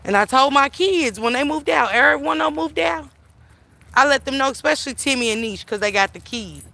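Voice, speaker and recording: Bright-voiced woman telling stories while walking. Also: sits high, fairly quick, gravelly. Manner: animated, profane, emphatic. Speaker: livestream host. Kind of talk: casual storytelling chat. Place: outdoors, walking through town.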